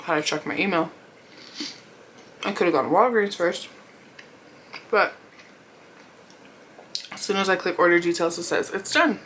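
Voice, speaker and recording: A woman's voice: lowish voice, a little slow, long pauses, fairly bright tone, a little hiss or hum, poor audio. A young woman vlogger casually telling a rambling story while eating, laughing often and acting out what people said. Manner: chatty, rambling, lots of "like" and quoted dialogue. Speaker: mukbang vlogger.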